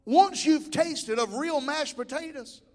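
A man preaching in a church, his voice unusually high. He talks in a folksy way and climbs into shouted builds. The sound carries a long hall reverb. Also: takes it slowly. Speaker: pastor. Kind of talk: sermon. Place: church sanctuary.

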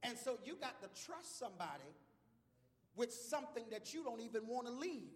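Impassioned preacher man, lively pitch. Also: moderate pace. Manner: impassioned, swings from hushed to shouting. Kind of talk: sermon. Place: church sanctuary. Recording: long hall reverb.

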